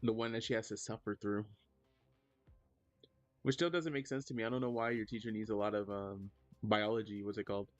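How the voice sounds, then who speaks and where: A young man streaming live, reading chat aloud in a laid-back, slangy way, saying he is low on energy. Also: steady tone, a little fast, pauses often, dry recording, faint music behind. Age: young adult. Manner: laid-back slangy talk, jumps high when teasing chat. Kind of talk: casual livestream chat reading messages.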